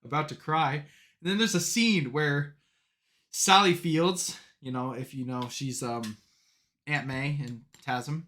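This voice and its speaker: A young man co-hosting a podcast, chatting casually and telling stories with lots of "like" and "um", animated as he gets into them. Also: a little high, slow. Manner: rambling, filler-heavy, animated storytelling. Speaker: podcast co-host. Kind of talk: casual chat.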